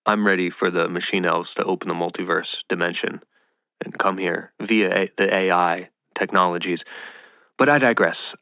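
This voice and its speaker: A man with a lowish, gravelly voice rambles on in a loose, playful monologue. He slips into mock voices now and then. The sound is dry and close, with no room around it. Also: fairly even intonation, moderate pace, bright, forceful tone, no room sound. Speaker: podcast host. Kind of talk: casual monologue.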